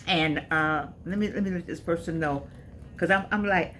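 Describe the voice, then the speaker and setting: This older American channel host and author talks quickly in a mid-range, fairly bright voice, with a little hiss or hum on the recording. She's chatty with her viewers, repeating phrases in a preacher-like cadence.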